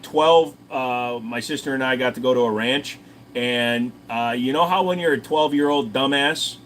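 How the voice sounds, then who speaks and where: Brief: forties Tennessee man, crude joking stream host, mid pitch, faint AC hum. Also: a bit bright. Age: 40s. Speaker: livestream host. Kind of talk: casual livestream chat.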